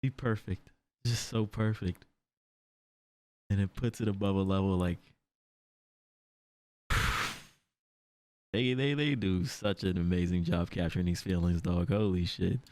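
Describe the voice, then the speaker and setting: A man reacting to an anime episode in casual commentary, swearing and laughing often and jumping into high yelps when startled. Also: steady tone, unhurried, long pauses, a little mellow. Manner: frequent laughter and profanity.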